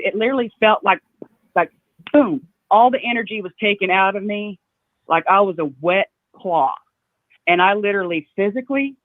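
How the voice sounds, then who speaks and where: A woman's voice: medium pitch, no echo. Tinny phone-line woman telling a story. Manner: halting, repeats "you know". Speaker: caller. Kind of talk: emotional storytelling on a call-in show.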